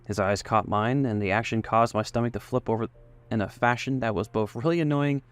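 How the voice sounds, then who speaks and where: A man's voice: mid-range voice, fairly quick, clean tone, faint music behind. Man reading a romance story. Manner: first-person, emotive reading. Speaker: narrator. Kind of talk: scripted story narration.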